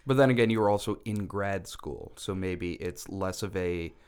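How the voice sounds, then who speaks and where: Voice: deep voice, moderate pace, darkish tone, clear, resonant tone. A podcast co-host in casual chat, joking and teasing and putting on mock voices.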